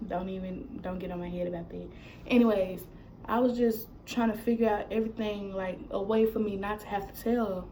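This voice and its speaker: Young woman, vlogger, animated storytelling, mellow tone. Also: mid-range voice, brisk, slight background noise, rough recording. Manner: casual, animated retelling with quoted dialogue. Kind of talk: storytime vlog.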